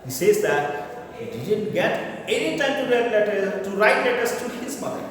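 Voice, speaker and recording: A man's voice: high voice, big pitch swings, normal speed, a bit bright, slight background noise. A man teaching a class, reading a story aloud and explaining it, voicing the characters as he goes. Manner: reads dialogue aloud in changing voices, then explains. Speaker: English teacher. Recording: very echoey room, voice far from the mic.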